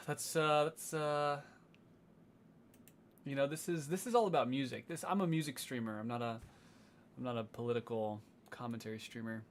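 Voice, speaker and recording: A man's voice: mid-range voice, moderate pace, slight background noise. A young man chatting casually on a livestream as a music streamer, sardonic and rambling, swearing freely.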